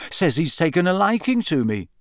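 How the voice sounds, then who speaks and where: A man's voice: on the high side, big pitch swings, normal speed, no room sound, clean studio sound, pitched above the performer's own voice. A man reading aloud, voicing an earnest, puzzled teenage boy in a storybook. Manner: thoughtful, plain.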